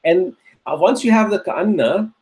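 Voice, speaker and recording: High-voiced patient male teacher. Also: lively intonation, normal speed, darkish tone. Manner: patient, repetitive, checks in with "okay?". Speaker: Arabic teacher. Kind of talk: online grammar lecture.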